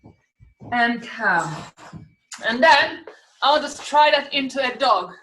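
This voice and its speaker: A woman's voice: sits high, lively intonation, slow, a bit bright, a little hiss or hum. A woman teaching an online acrobatics class to children, calling out moves, counting and making animal sounds. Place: room at home, video class. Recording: echoey room, distant from the mic.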